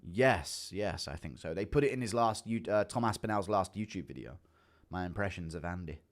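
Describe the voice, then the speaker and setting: A man's voice: sits low, lively intonation, a little fast. Laid-back chuckling male streamer. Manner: laid-back, chuckling, reads chat aloud. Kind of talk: casual live-stream chat.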